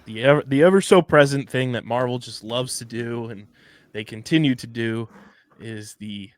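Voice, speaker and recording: A man's voice: mid-range voice, normal speed, dry recording. A man co-hosting a podcast, casually recapping an episode's plot with joking asides. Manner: narrates plot points with jokey asides and fillers. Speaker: podcast co-host.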